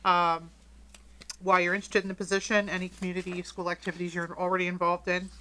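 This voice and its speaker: A woman's voice: lowish voice, little pitch movement, fast talker, pushed and bright, low-quality recording. A woman chairing a town committee meeting, explaining the interview process in an upbeat, friendly way. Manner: upbeat, joking between items.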